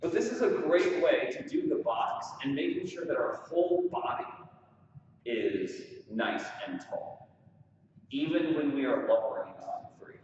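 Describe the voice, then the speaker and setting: A man's voice: mid-range voice, sing-song, a little slow, darkish tone, a little hiss or hum. A man teaching waltz exercises, counting beats aloud as he dances and encouraging the viewers. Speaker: dance instructor. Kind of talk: follow-along dance drill instruction. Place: studio with large windows. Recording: echoey room, far from the mic, dull sound.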